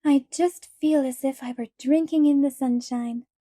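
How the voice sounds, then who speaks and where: A woman reading an audiobook, voicing an earnest, dreamy young woman who speaks gently and solemnly. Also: high-pitched, steady tone, unhurried, no echo, clean studio sound, pitched above the performer's own voice.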